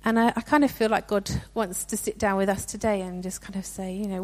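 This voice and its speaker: A woman's voice: medium pitch, steady tone, a little fast, hardly any pauses. A young woman giving a sermon in a conversational, earnest way, with frequent restarts. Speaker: preacher.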